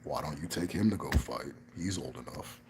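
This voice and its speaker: A man voicing his stern old traditionalist great-uncle, with a deep, flat, menacing delivery. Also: moderate pace, slight background noise.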